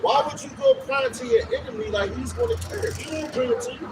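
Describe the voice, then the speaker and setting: A man preaching on the street in an emphatic, profane, animated way. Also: very high voice, a little fast. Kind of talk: casual religious discussion. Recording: outdoor street recording from a distance with traffic noise.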